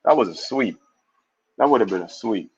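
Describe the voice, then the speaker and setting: A man hosting a casual live sports stream, reading viewer comments aloud and giving shout-outs in a loose, slangy way. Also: on the low side, moderate pace, husky, dull audio. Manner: loose, slangy, animated opinions.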